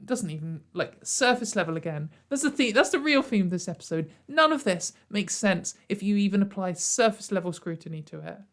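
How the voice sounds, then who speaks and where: A woman's voice: medium pitch, animated, a little fast, few pauses. A woman hosting a casual commentary show, mocking what she reads out and laughing often. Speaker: commentary channel host.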